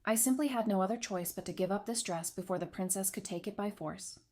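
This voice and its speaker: A woman's voice: mid-range voice, fairly quick, a little mellow, lightly acted. A woman reading the lines of a lying, flustered young noble lady in a storybook recap, who whines and stammers. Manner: whiny, stammering.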